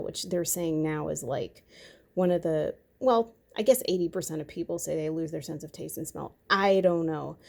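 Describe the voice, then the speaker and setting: A woman's voice: fairly low pitch, warm tone. A middle-aged woman talking on her own channel in a rambling, conversational monologue full of fillers. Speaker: vlogger. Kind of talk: casual monologue.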